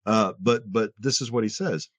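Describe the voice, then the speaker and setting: Low-pitched guy talking philosophy, dry close sound, gets animated, lots of restarts. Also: moderate pace, no echo. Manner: animated, repeats and restarts words, quotes the author with emphasis. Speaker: podcast co-host. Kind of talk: casual philosophy discussion.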